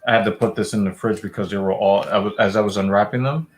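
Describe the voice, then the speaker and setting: A man's voice: on the low side, fairly even intonation, fast. A man in a casual chat at home, joking and teasing. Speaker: co-host.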